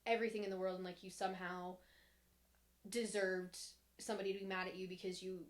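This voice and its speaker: A woman's voice: mid-range voice, flat delivery, fast talker. A young woman speaks in an everyday middle-range voice, telling a personal story on a podcast. Her delivery is candid and meandering, with frequent fillers and false starts. When she quotes someone, her voice sharpens. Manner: candid, rambling, frequent "like" and restarts. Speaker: podcast co-host.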